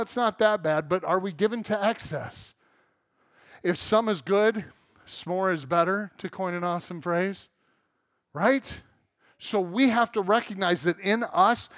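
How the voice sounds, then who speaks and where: High-voiced candid preacher man. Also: a bit bright, dry recording, studio quality. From Southern California. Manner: candid, self-mocking, acts out quoted voices. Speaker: pastor. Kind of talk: sermon. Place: church sanctuary.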